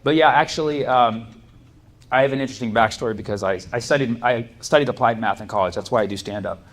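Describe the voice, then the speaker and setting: A man's voice: medium pitch, fast. A man performing a stand-up comedy set, telling stories animatedly and laughing often. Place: comedy club stage.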